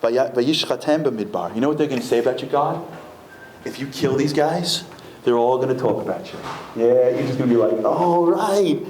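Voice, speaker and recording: A man giving a comic, fast-moving religious lecture, acting out the voices of the people in his stories. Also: mid-range voice, darkish tone. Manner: comic, acts out quoted voices, rapid storytelling. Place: packed synagogue hall. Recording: echoey hall with faint room noise.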